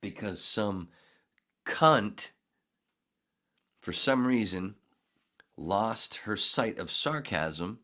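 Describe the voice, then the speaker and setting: Podcast host, male, deep and highly animated, profane sarcastic ranter. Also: slow. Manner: angry, profane, sarcastic, swings between muttering and shouting. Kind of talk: ranting monologue.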